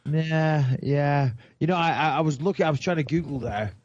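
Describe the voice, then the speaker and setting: A man's voice: a little high, moderate pace, darkish tone, lo-fi sound. A man with an English accent, co-hosting a podcast in casual, joking banter. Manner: joking, teasing, easygoing. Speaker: podcast co-host.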